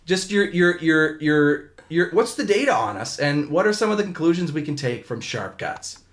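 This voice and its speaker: A man hosting a casual sports podcast, chatty and playful, often stumbling over his words as he jokes along. His voice sits a little high for a man. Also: lively intonation, moderate pace. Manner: rambling, joking, many restarts. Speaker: podcast host. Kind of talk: casual chat.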